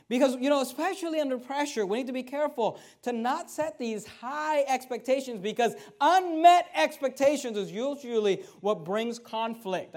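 A male pastor with a high voice preaches in a lively, conversational style, his volume climbing loud and then dropping into soft asides.

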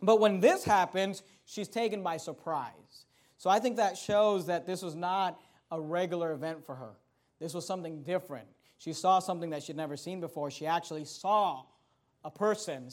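A man preaching a sermon, explaining a Bible passage with emphatic rises and drops in loudness and frequent rhetorical questions to the congregation. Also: on the high side, normal speed.

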